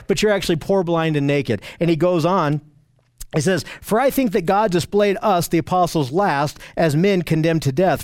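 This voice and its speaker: A man's voice: fairly high pitch, a little mellow, dry recording. A man preaching an expository sermon, reading scripture passages aloud and explaining them earnestly, often restarting phrases. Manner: earnest and emphatic, with frequent restarts. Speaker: preacher teaching a Bible study.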